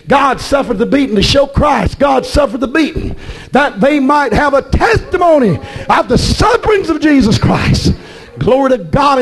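A man preaching a fiery sermon, often shouting with a preaching cadence. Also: extremely high pitch, rough recording.

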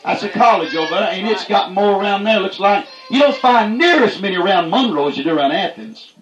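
A high-pitched man preaches a fiery country sermon in a plain, folksy manner, repeating "that's right" and rising to shouts to drive points home. He is expressive and fairly quick, with the room ringing with echo and faint music playing behind him.

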